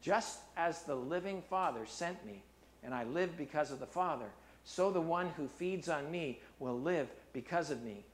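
A man with a fairly high voice preaching a sermon. He drops low and soft for the scripture passages, then lifts his voice loud and animated when he drives a point home. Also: moderate pace. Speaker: pastor.

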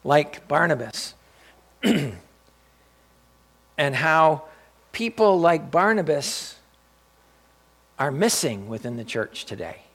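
A man's voice: a little high, very animated, takes it slowly, pauses often, a bit bright, slightly rough. A male pastor preaching a sermon in a storytelling way, often repeating and restarting his phrases. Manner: storytelling, with frequent restarts and repetition.

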